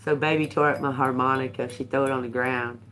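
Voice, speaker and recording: A woman's voice: rumbling low, fairly even intonation, quick pace, fairly bright tone, faint music behind. A woman doing a casual tarot reading, swearing, laughing often and talking to viewers as y'all. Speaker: tarot reader. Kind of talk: casual live tarot reading, reacting to chat.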